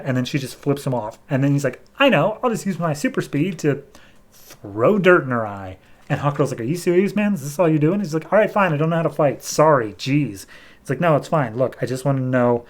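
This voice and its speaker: Man casually recapping a comic. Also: medium pitch. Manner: retells scenes with quick offhand character voices. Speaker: podcast host.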